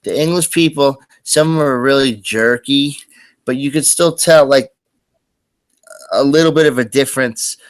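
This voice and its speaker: A man's voice: mid-range voice, normal speed, dry recording. A man hosting a live stream, chatting casually and rambling with lots of fillers and restarts. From US East Coast. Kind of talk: casual chat.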